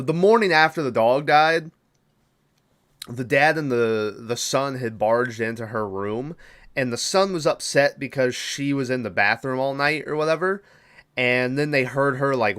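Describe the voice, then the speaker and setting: A man's clean, mid-range voice, a bit bright, carries a podcast where he sums up a movie. As host he's casual and foul-mouthed, rambling and retracing his steps whenever he forgets something.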